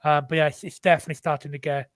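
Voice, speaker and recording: A man's voice: on the high side, little pitch movement, racing, a bit bright, no echo. A man with a Welsh accent, the guest author in a casual online chat, talking candidly with many restarts.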